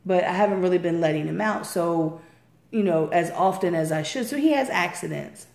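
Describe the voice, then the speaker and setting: A woman's voice: lowish voice, moderate pace, creaky. Woman in her 50s telling funny grandkid stories, does the voices, echoey room. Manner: animated, acts out voices in anecdotes. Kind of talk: casual storytelling. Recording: roomy echo.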